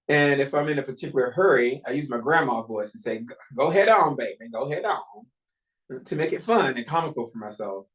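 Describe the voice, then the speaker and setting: A man's voice: mid-range voice, poor audio. A man hosting a self-help podcast, giving an earnest, encouraging motivational talk with small restarts, speaking into a computer mic. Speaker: podcast host. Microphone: computer mic while screen sharing.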